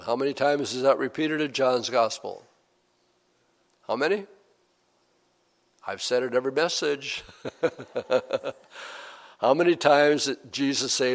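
Male pastor, unhurried verse-by-verse sermon, long church-hall reverb. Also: medium pitch. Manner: slow and deliberate, reads scripture aloud.

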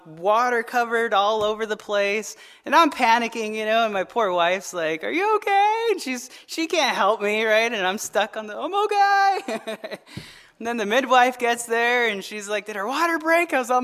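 A man preaching a sermon as pastor, telling stories in an animated way, often asking "right?" and repeating words as he starts phrases. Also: very high-pitched. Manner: animated storytelling with frequent "right?" tag questions.

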